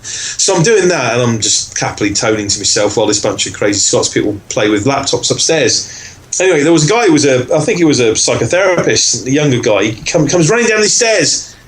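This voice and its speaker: A man co-hosting a podcast. He tells a story casually and acts out other people's lines in much higher voices. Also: big pitch swings, a little fast, low-quality recording. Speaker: podcast co-host. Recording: faint background noise.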